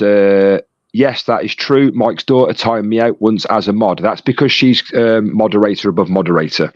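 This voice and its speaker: A man with a low voice reads out live chat messages, teasing and joking with viewers. His sound is dry and dull, lo-fi over a phone link. He talks as the stream's moderator. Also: no room sound. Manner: jokey, banters with chat. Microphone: phone call.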